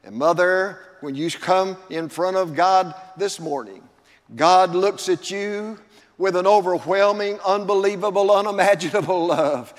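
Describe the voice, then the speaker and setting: A man's voice: sits high, unhurried. An older man preaching a sermon as pastor, drawing out key words and building emphasis. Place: church sanctuary. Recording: long church reverb.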